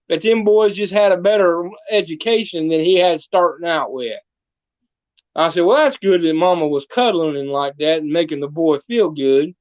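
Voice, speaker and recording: A man's voice: sits high, darkish tone, dull audio. A man telling a comedic folksy story as a guest, drawling and full of country sayings.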